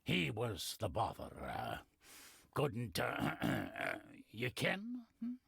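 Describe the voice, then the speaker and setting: A gruff old Scottish man in a video game, his voice gravelly and husky. He speaks slowly with wildly swooping pitch, dropping cryptic, ominous hints in a close, dry sound. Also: wildly swooping pitch, a bit bright, dry recording, exaggerated voice. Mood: knowing. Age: older. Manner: folksy dialect, ominous hints.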